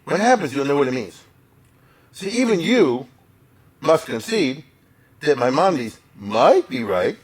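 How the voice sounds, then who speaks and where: A man who is a rabbi giving a conversational history lecture. He often checks in with "right?" and "you follow?", uses Hebrew and Yiddish terms freely, and acts out quoted speech with big jumps in pitch. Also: sing-song, a little slow, long pauses.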